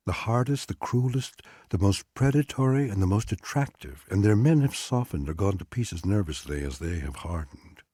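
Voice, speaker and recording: A man narrating a literary short story aloud in an expressive, dramatic reading style. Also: on the low side, moderate pace, hardly any pauses, husky, dry recording, studio quality. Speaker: audiobook reader.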